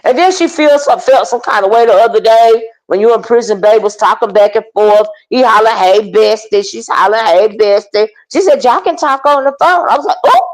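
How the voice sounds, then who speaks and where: A woman hosts a casual commentary stream, reacting to online drama and chatting animatedly with live viewers, whom she addresses by name. Her voice is on the high side and fairly quick with few pauses, on a rough recording.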